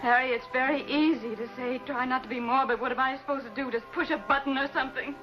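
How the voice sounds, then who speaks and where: A lonely, distraught woman, played by an actress, pleads through tears on the telephone, stammering and repeating herself. Her voice sits high, and the dull, lo-fi sound of an old TV soundtrack carries a clear music score behind her. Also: fairly even intonation, fast, close to an everyday voice. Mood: desperate. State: tearful. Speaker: actress in a TV drama. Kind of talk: 1950s TV drama acting. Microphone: telephone in hand.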